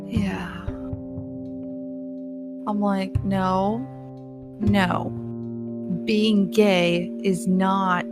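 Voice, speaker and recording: A woman hosting a solo podcast, ranting bluntly with heavy swearing and laughing at her own points. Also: on the low side. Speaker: podcast host. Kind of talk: casual solo podcast rant.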